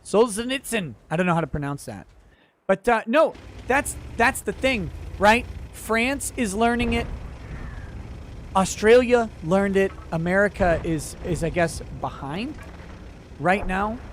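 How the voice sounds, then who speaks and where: A man streaming a game, reading out viewer messages and ranting loudly with frequent laughter. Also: high-pitched, animated, unhurried, a little hiss or hum. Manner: loud, laughing, exaggerated rants. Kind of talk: casual ranting commentary while gaming.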